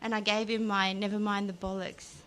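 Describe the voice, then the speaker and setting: A woman co-hosting a podcast, chatty and quick to laugh. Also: medium pitch, level tone, a bit bright, a little hiss or hum. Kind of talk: casual chat.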